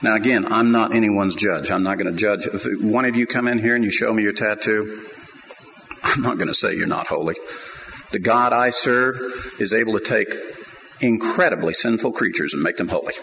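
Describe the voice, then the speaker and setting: A man's voice: lowish voice, moderate pace, poor audio. Male pastor, sermon, emphatic delivery, middle-aged, faint background noise. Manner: emphatic preaching, swinging from quiet to loud.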